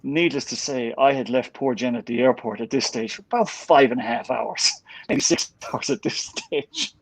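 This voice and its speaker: A middle-aged Irish man telling a lively story in a casual chat. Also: mid-range voice, moderate pace, no echo, low-quality recording. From Ireland. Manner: animated anecdote-telling with laughs.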